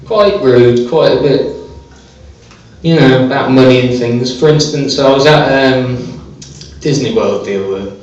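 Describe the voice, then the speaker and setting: A man performing a stand-up comedy set on a small club stage, delivering deadpan one-liners with hesitant fillers. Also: mid-range voice, unhurried. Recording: echoey, distant, dull live club recording.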